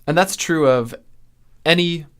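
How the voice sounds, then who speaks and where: A young man with a General American accent, explaining speech sounds in a measured, teaching way, with fillers and restarts. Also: a little high, a bit bright. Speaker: linguistics video host. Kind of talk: explanatory lesson.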